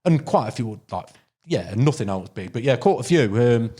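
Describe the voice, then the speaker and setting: This middle-aged Derbyshire man has a medium-pitched, sing-song voice that's mellow and slightly rough, with an English Midlands accent and a moderate pace. Guesting on a podcast as a carp angler, he chats casually and tells rambling anecdotes packed with ums and "you know."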